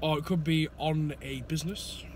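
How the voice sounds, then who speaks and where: A man's voice: a little high, fairly even intonation, normal speed, a little hiss or hum. A man with a Yorkshire accent chatting and joking as co-host of a casual car vlog, recorded inside a car. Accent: Yorkshire English. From Yorkshire, England. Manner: jokey, laughing often, loud sign-off calls. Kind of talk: casual banter.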